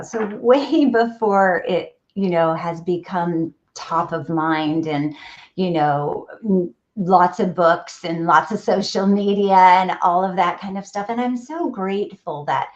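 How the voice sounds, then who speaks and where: Slow-talking, earnest woman doctor. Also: mid-range voice, a little mellow. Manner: emphatic, explanatory, earnest. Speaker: physician guest. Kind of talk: conversational interview. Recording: dull lo-fi audio.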